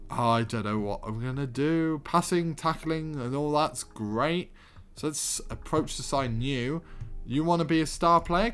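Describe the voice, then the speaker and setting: A man's voice: medium pitch, a bit bright. A young man commentating his own game on a livestream, exasperated and laughing nervously as he talks to himself. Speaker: streamer. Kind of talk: live gameplay commentary.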